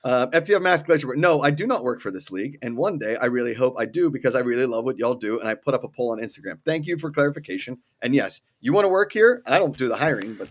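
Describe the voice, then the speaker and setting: A man's voice: mid-range voice, lively intonation, fast, hardly any pauses. A young man co-hosting a casual chat, joking and rambling with restarts. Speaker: co-host.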